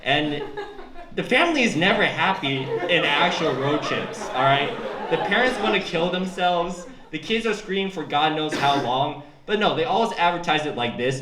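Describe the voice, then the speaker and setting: A man's voice: on the high side, lively intonation, moderate pace. A young man performing stand-up at a college open mic, with a loose, rambling delivery that breaks into shrieking character voices. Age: young adult. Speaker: stand-up comic. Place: college club stage. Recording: echoey room with loud audience.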